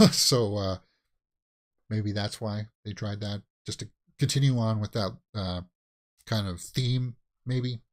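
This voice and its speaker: A man's voice: fairly low pitch, slow. A man hosting a casual live movie news stream, talking loosely with many fillers and restarts and breaking into exclamations. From Canada. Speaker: host of a movie news channel.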